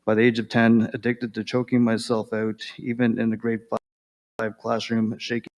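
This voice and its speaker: A man reading his own personal letter aloud, slow and measured, pausing often and clearing his throat. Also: mid-range voice, monotone, a little mellow, long reverb tail.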